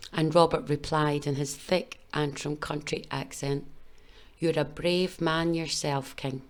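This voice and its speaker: Low-voiced woman narrating a history. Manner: measured, solemn reading. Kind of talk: scripted documentary narration.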